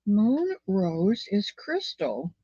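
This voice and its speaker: A woman's voice: mid-range voice, sing-song, very slow, dark tone, husky, no room sound. An older woman hosting a casual livestream, chatting affectionately with viewers and reading their comments aloud. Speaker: livestream host reading chat. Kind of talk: casual chat. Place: home. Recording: dull lo-fi dry sound.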